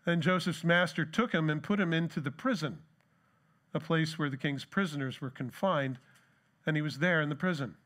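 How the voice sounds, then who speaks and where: A man's voice: a little high, moderate pace, fairly bright tone. Man preaching with rhetorical questions. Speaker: pastor. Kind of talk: sermon.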